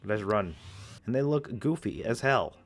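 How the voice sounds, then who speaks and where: A man's voice: on the low side, expressive, measured pace. A man giving casual, rambling let's-play commentary in a playful way, often restarting his sentences. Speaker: gameplay commentator.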